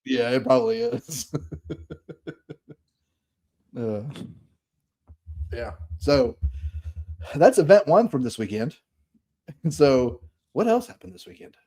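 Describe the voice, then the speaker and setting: A man's voice: on the high side, very animated, slow, pauses often, dark tone. Joking Southern man from Alabama. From Alabama, USA. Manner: joking, laughs often, chatty. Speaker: podcast co-host. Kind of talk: casual podcast chat.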